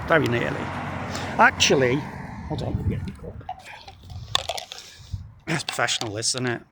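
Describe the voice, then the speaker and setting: A man's voice: mid-range voice, normal speed, gravelly, background noise. A man rambling through a dry, jokey monologue to the camera outdoors in a wheat field, swearing freely. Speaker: vlogger.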